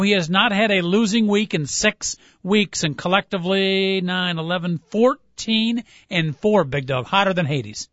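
High-pitched guy hosting sports radio, folksy and rambling, kinda muffled dry sound. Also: fairly bright tone, dry recording. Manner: folksy, drawn-out musing, plugs the call-in line. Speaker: radio host. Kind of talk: casual sports radio banter.

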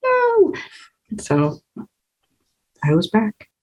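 A woman's voice: fairly low pitch, moderate pace, darkish tone, breathy edge, poor audio. A woman guest on an interview, earnestly recounting a personal experience and laughing often as she talks. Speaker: guest, author of a book. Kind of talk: casual interview storytelling.

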